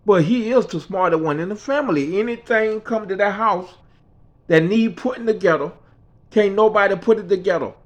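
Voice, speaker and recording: A woman's voice: medium pitch, moderate pace, natural voice. A man quoting an indignant scolding mother. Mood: defiant. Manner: emphatic, scolding. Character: indignant mother defending her son.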